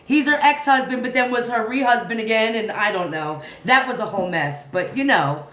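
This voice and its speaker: A woman's voice: on the high side, fairly quick, a bit bright. A tired woman hosting a casual livestream, rambling, laughing often and chatting with her viewers and her cat. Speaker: livestream commentary host. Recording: echoey room with faint noise.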